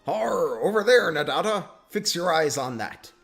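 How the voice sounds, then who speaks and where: A man voicing an eager pirate brigand, reading game dialogue aloud in a drawn-out, hearty pirate drawl. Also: fairly high pitch, expressive, creaky, a bit bright, faint music behind, pitched above the performer's own voice, full character voice.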